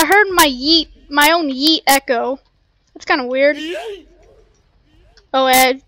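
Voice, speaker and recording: A woman casually commentating her gameplay in an excitable, rambling way, full of playful slang, on a cheap home mic. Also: high-pitched, slow pace, pauses often, dry recording. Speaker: gameplay streamer. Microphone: cheap desk mic.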